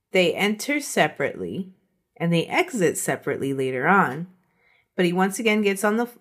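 A woman with a fairly low voice hosts a true crime podcast. She walks through the case casually, laughing often and acting out quotes. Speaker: podcast host.

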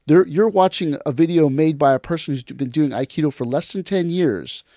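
Animated male podcast host. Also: brisk, no echo, studio quality. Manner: animated, acts out mocking commenters in sudden high voices. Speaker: podcast host and martial arts teacher. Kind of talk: casual podcast chat.

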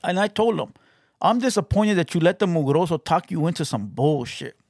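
Man, podcast host, combative and profane, slightly high voice, dry close sound. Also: lively intonation, fairly quick, creaky, darkish tone, dry recording. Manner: profane, confrontational, taunting. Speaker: podcast host reacting to clips. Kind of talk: heated reaction commentary.

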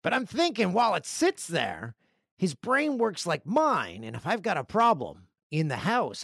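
Reading out listener mail on his casual podcast, a middle-aged host spins animated, joking stories and pokes fun at himself. He speaks at a measured pace in a high-pitched, creaky voice, and the studio sound is clean with no echo.

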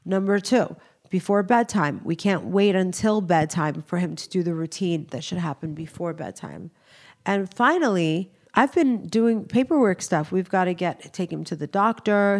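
A woman's voice: lowish voice, normal speed, darkish tone. A woman co-hosting a podcast in casual chat, her voice nasal from a cold, chatty and rambling. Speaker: podcast co-host.

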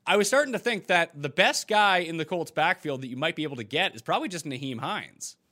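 A man hosting a fantasy football podcast, energetic and joking, with emphatic delivery. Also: a little high, quick pace. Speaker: podcast host.

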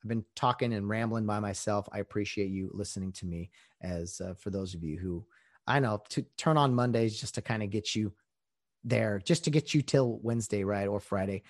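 A man's voice: lowish voice, moderate pace, no echo. A man hosting a casual solo sports podcast, rambling conversationally with lots of fillers, sounding a little out of breath with a sore voice, in a small home studio. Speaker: podcast host.

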